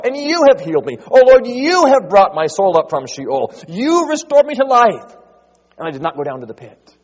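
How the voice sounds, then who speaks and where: High-voiced pastor preaching in a reverberant hall. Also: male voice, lo-fi sound. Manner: rises to loud, drawn-out emphasis when quoting scripture. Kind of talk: sermon.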